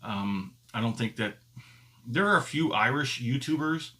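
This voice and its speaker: A man hosting his own whiskey review channel, talking to camera in a casual, unhurried way and pausing often to find his words as he thinks aloud. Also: medium pitch, expressive, pushed and bright.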